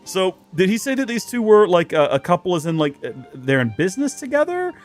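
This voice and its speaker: A man's voice: high voice, sing-song, fairly quick. A man doing casual let's play commentary as a streamer, chatty and rambling with jokes, faint game music behind.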